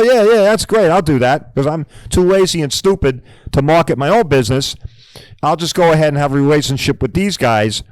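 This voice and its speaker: A middle-aged man hosts a podcast, ranting bluntly and with plenty of profanity, driving each point home with repeated "all right?"s. His voice runs on the high side, and the recording is dry and of poor quality.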